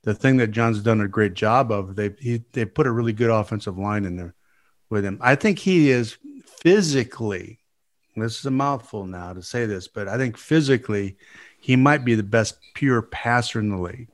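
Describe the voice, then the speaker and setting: A former football coach in a casual chat, giving measured, thoughtful analysis. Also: male voice, lowish voice.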